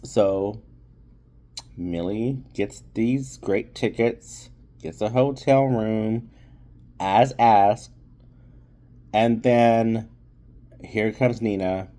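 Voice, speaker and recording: A man's voice: on the low side, very slow, long pauses, dark tone. A man giving a casual spoken movie review, rambling with lots of fillers and restarts.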